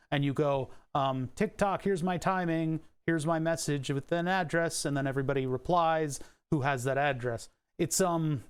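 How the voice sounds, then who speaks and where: A man live-streaming from his desk, casually explaining electronics in a rambling, profane way. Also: fairly high pitch. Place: desk at home.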